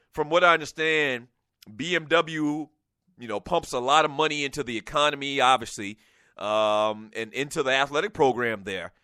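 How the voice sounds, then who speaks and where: Picture a Southern radio host with a thick Geechee accent, telling a football story in a high, bright voice. He gets animated and loud when he reaches the big moments. The mic sounds close and dry, with no room echo. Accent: Geechee, South Carolina Lowcountry. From South Carolina. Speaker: radio talk show host. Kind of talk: casual sports talk radio.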